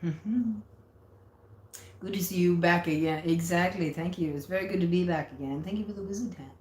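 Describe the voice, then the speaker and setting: A woman's voice: on the low side, steady tone, normal speed, darkish tone. Chatty woman livestreaming in an echoey room. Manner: chatty and playful, reads comments aloud and answers them. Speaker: livestreamer reading viewer comments. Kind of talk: casual livestream chat. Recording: roomy echo.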